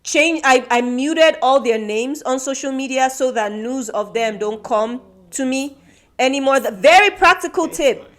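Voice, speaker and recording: Woman from Nigeria, podcast co-host, casual chat, earnest and reflective, fairly high pitch. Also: unhurried. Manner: earnest, self-reflective, many restarts.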